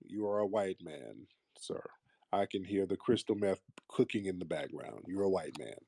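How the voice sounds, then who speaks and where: A man's voice: deep voice, animated, moderate pace, creaky, dark tone, slight background noise. Mocking, blunt male talk host. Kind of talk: call-in talk show.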